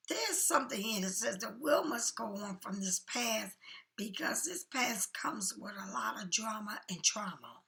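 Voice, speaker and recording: A woman giving a casual tarot reading, talking softly and often half-whispering in a chatty, reassuring way, a little tired. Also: medium pitch, creaky. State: yawning, tired. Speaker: tarot card reader.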